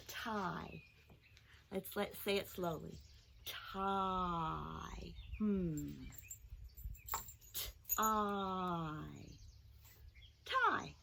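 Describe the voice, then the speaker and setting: A woman leads a children's phonics lesson in a slow, sing-song, encouraging manner. Her voice is bright and forward, and she takes her time over each word. Faint birdsong sits in the background. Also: mid-range voice, vocal fry, a little hiss or hum. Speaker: teacher.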